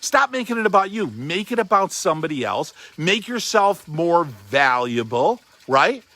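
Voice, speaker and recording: A man with a high, bright voice delivers an emphatic motivational talk as a coach. He hammers his points through repetition and drops the odd casual swear word. The sound is close and dry, with no room around it. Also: big pitch swings, moderate pace, dry recording. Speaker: chiropractic coach.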